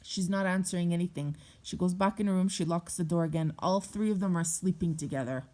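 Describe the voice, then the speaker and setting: A woman's voice: on the low side, a little fast, darkish tone. A woman telling a personal story in a vlog, intense and emotional, with frequent swearing. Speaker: vlogger.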